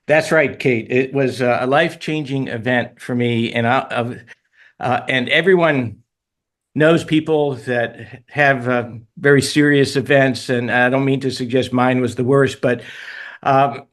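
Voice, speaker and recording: Animated middle-aged male author storyteller. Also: mid-range voice, a little slow. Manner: animated, tells stories with self-deprecating laughs. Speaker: author guest. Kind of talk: radio interview storytelling.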